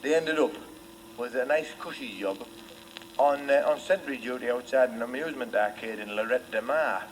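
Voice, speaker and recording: A man telling a rambling comic story on stage in a deadpan way, repeating his phrases. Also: medium pitch, normal speed, slight background noise, rough recording. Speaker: folk singer and entertainer. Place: live concert stage.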